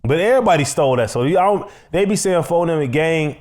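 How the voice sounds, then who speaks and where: A man's voice: fairly high pitch, lively intonation, fast, a little mellow. A man with a Chicago accent co-hosting a casual podcast, slangy and laid-back, laughing often. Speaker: co-host.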